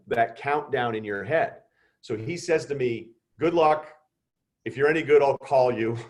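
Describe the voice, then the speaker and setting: A middle-aged man telling students a story over a video call, animated and acting out the voices of others. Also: mid-range voice. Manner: animated, acts out quoted voices. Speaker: guest speaker.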